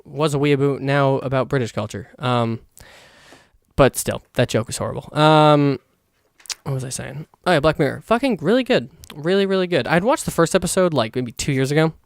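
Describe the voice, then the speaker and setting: A young man hosting a solo podcast, rambling excitedly in a casual monologue and swearing a lot. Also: fairly high pitch, moderate pace, gravelly, no room sound, studio quality. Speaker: podcast host.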